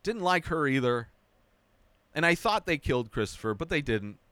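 A young man hosting a casual spoken movie review, animated and mocking, now and then dropping into a high whiny voice to mimic characters. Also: moderate pace, no room sound.

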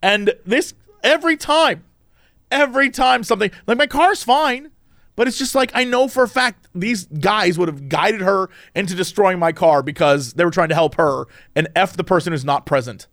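A man hosting a casual chat, telling a story with lively, acted-out quotes and big pitch jumps. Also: normal speed, dry recording, clean studio sound. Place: Los Angeles.

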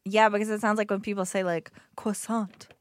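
A woman co-hosting a podcast, easygoing and quick to laugh in casual chat. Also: mid-range voice, flat delivery, dry recording, studio quality.

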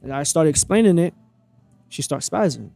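High-voiced young New man, blunt. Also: lively intonation, normal speed, vocal fry, warm tone, dry recording. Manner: blunt, profane, emphatic, reenacts dialogue. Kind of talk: casual storytelling.

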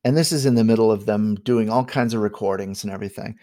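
A middle-aged man casually telling a spooky family story on a podcast, animated and full of fillers. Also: on the low side, quick pace. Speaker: guest storyteller.

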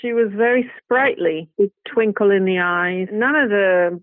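Over a dry, tinny, phone-like line with no echo, a British woman who is a guest actress chats unhurriedly in a medium-pitched voice. The casual interview talk rambles, with frequent "you know"s, false starts and laughs.

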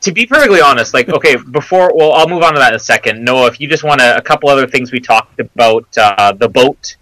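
A man's voice: medium pitch, animated, fast, pushed and bright, no echo, poor audio. A man co-hosting a podcast, teasing his co-hosts and listing film trivia in casual chat. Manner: teasing, lists film facts. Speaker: podcast co-host.

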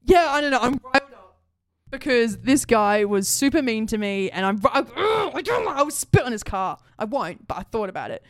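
A woman's voice: a little high, very animated, fairly quick, dry recording. A young woman telling a story in casual chat, laughing often and swearing. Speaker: podcast co-host.

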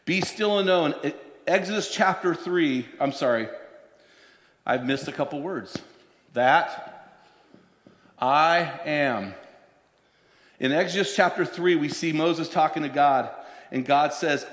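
A pastor in his fifties preaches in a fairly high voice, mixing stories with slow, weighted scripture lines. The sound is roomy, with a long reverb trailing each phrase. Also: fairly bright tone. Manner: storytelling, slows down to stress scripture. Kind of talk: sermon. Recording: echoey hall, long reverb.

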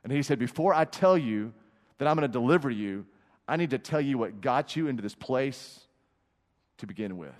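A man, a pastor preaching a sermon in an emphatic, repetitive style with dramatic pauses. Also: medium pitch, expressive. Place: large church sanctuary. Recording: long hall reverb.

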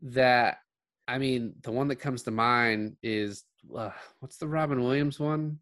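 A man talking loosely about a film with a friend, blunt and cheerfully profane. His voice sits at an ordinary middle pitch and sounds dry and close, with almost no room around it. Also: fairly even intonation, measured pace, a bit bright, no room sound. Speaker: podcast co-host. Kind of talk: casual movie chat.

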